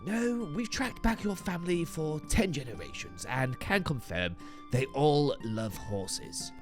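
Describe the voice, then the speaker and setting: A man voicing a smooth male TV show host in a put-on accent, with a polished presenter manner. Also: on the high side, expressive, measured pace, faint music behind. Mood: dry.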